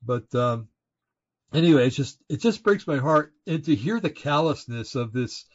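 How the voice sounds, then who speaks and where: A podcast co-host from Oregon, United States, rants indignantly on a casual political talk show, full of fillers and restarts. His voice is mid-range and expressive at a moderate pace, captured in slightly dull lo-fi audio.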